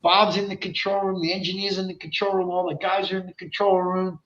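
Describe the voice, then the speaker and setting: A high, bright male voice tells a rowdy, swearing-laced story in a casual interview and jumps into the voices of the people in it. The sound is roomy and a little dull, like lo-fi livestream audio. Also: fairly quick. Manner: animated, profane storyteller who acts out voices. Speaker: guest rock singer.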